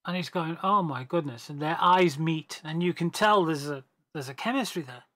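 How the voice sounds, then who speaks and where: A man's voice: on the high side, moderate pace, fairly bright tone. A man on a gaming voice chat, telling a long joke casually and rambling, with restarts and self-corrections. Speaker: gamer on a team voice chat.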